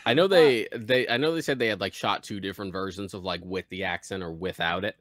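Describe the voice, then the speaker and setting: A man's voice: low-pitched, fairly quick, fairly bright tone. A man co-hosting a podcast, chatting casually and wryly about a film with some swearing. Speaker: podcast co-host. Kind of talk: casual movie review chat.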